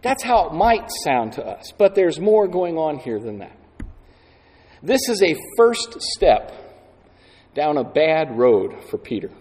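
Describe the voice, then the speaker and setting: Slow, deliberate male preacher in a hall. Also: fairly high pitch, big pitch swings, darkish tone, breathy edge. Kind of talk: sermon. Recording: long hall reverb.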